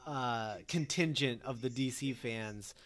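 A man's voice: mid-range voice, slow pace, a bit bright. A man in casual conversation who explains his points at length in a lecturing way. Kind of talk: casual chat.

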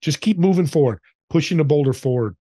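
Guest voice: man, upbeat storyteller, slightly high register, dry sound. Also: animated, quick pace, mellow, no echo. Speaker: podcast guest. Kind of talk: casual interview chat.

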